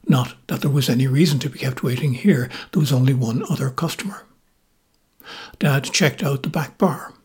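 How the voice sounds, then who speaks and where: A man with an Irish accent, hosting a podcast and narrating memoir stories in a measured, gently wry manner. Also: medium pitch, husky. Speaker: podcast host and storyteller.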